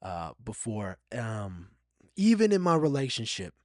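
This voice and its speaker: A man's voice: lowish voice, big pitch swings, unhurried, no room sound, studio quality. A man hosting a solo podcast, talking in a candid and reflective way, sometimes getting emotional and repeating himself. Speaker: podcast host.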